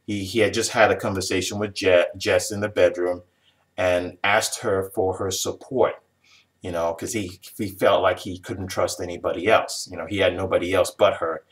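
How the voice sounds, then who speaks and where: A man's voice: deep voice, fairly even intonation, normal speed. A man casually recapping a TV episode for a review video, rambling, chuckling and restarting sentences. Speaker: TV show reviewer.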